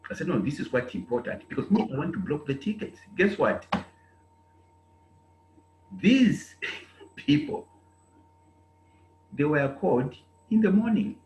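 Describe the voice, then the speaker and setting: A man's voice: on the high side, big pitch swings, a little fast, a little mellow, reverberant, muffled recording, a little hiss or hum. A man from Zambia with a Zambian English accent who addresses students at an intake meeting and tells them off with emphatic repetition. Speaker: program director addressing students. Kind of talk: lecturing speech at an online meeting.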